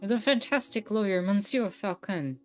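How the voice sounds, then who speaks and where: A woman voicing a young, pampered noble cat heiress in a bird detective game, speaking softly and politely. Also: medium pitch, lively intonation, moderate pace, faint music behind, natural voice.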